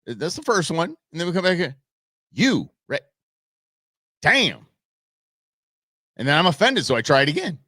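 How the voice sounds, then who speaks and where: A man's voice: on the high side, big pitch swings, fast, hardly any pauses, bright, forceful tone, no echo, studio quality. A man hosting a live commentary show, talking in a rambling, chatty way with many restarts. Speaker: talk show host.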